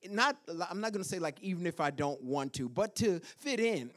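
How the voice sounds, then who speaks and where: A pastor preaching a chapel sermon, calling out to the congregation and dropping into quiet whispered asides. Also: male voice, sits high, moderate pace. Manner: animated preaching with call-and-response "Amen?".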